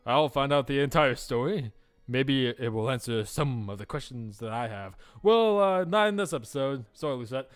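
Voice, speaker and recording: A man's voice: medium pitch, normal speed, clean tone, dry recording, faint music behind. A man hosting a let's play, reading a visual novel's dialogue aloud with joking asides and playful stumbles. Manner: animated, stumbling jokily over lines.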